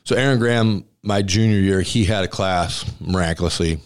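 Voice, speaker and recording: At a normal speed and with a clean tone, a very low, deep-voiced restaurant owner who played center in college tells stories in a relaxed interview. He's emphatic and blunt, laughing as he acts out what people said.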